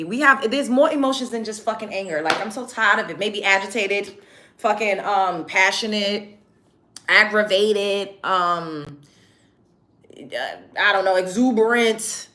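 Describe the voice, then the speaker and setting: Young woman on a live stream reading chat out loud, bright sharp voice, cusses everyone out. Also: mid-range voice, a little slow. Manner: profane, blunt and combative with commenters. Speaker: livestream host. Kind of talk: get-ready-with-me livestream, reading chat comments aloud.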